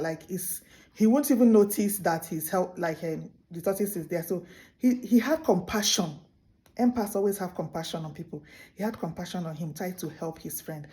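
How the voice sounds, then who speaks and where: Woman hosting, telling a story, animated, lots of restarts, mellow warm voice. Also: mid-range voice, moderate pace. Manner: animated, full of restarts and laughs. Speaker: host. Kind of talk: casual storytelling to camera.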